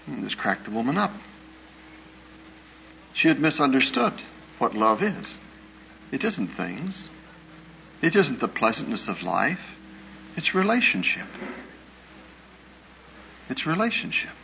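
A man's voice: medium pitch, sing-song, gravelly, pushed and bright. Earnest man preaching on an old recording. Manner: earnest, measured storytelling with hesitations. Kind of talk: sermon-style talk with anecdotes. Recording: dull lo-fi old recording with faint hiss.

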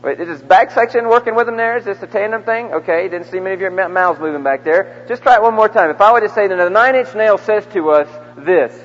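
A man's voice: sits high, fast, hardly any pauses, a little hiss or hum. A male preacher leading a large church crowd in call-and-response during a sermon, coaxing them section by section. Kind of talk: interactive sermon. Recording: dull echoey hall recording from the mic.

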